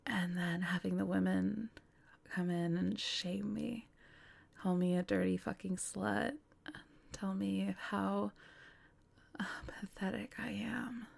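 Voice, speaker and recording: A woman giving a candid personal monologue, giggly and rambling, often drifting into soft half-whispers. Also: medium pitch, creaky.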